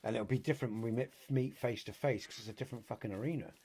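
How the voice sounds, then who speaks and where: Talking very fast in a mellow, slightly rough mid-range voice, this man from Britain plays a hunting game live and rambles to his viewers. He loops back on his own points, throws in casual swearing, and keeps saying "you know," coming across as a relaxed regular streamer.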